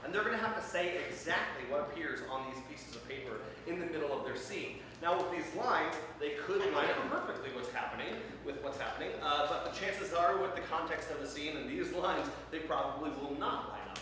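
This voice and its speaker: A man's voice: on the high side, animated, brisk, hardly any pauses. A man hosting a live improv comedy show, upbeat, explaining the game and repeating lines the audience calls out. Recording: echoey hall, far from mic, noisy.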